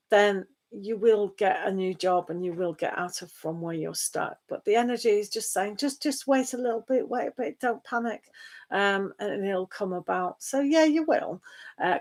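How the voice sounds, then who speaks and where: A middle-aged woman, chatting casually and rambling as she reads tarot on a live stream. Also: mid-range voice. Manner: chatty and rambling, with frequent laughs. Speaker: tarot reader.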